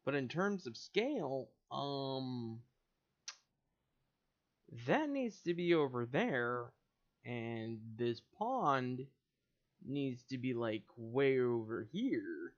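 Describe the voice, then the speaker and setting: A man's voice: medium pitch, big pitch swings, extremely slow, dull audio. A man livestreaming a build, ranting in exasperated, profane casual commentary. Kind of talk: casual live-stream commentary while building.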